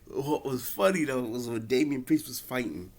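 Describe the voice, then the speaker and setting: A man's voice: mid-range voice, lively intonation, moderate pace, darkish tone. A man casually recapping and reviewing a wrestling show, rambling with many fillers. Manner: rambling, lots of fillers, acts out quotes.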